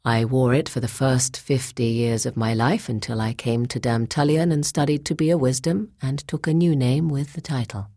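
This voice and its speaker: A woman's voice: a bass voice, fairly even intonation, moderate pace, hardly any pauses, warm tone, dry recording, studio quality. A woman reading the lines of a proud, two-centuries-old woman sage who gives stern, commanding warnings. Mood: wry.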